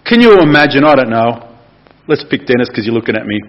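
A man's voice: mid-range voice, big pitch swings, brisk, breathy edge, muffled recording. A man giving a casual, chatty sermon and asking the congregation questions. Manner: chatty and playful, asks the room questions. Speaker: preacher.

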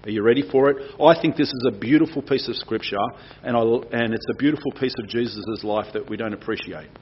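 A man preaching, reading scripture aloud and acting out the quoted lines with big swings in pitch and loudness. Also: a little fast, slight background noise. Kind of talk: sermon with dramatic scripture reading. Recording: dull lo-fi sound.

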